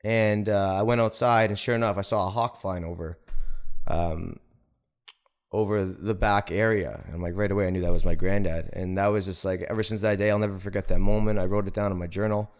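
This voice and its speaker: A man's voice: sits low, steady tone, fairly quick, clear, resonant tone. A man guest on a podcast, telling a personal story in a rambling way, full of "like" and "right?". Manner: rambling, heavy use of "like" and "right?".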